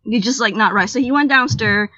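A woman chatting casually as she tells a story, animated and loose, swearing freely and acting out what people said. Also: on the high side, fairly quick. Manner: animated, loose and profane, acts out the dialogue. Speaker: podcast co-host telling a story. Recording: slightly dull lo-fi audio.

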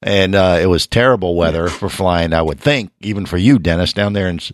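A man hosting a radio show, his voice raspy from a cold, bantering and teasing his co-hosts in casual chat. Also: sits low, brisk, no echo, clean studio sound.

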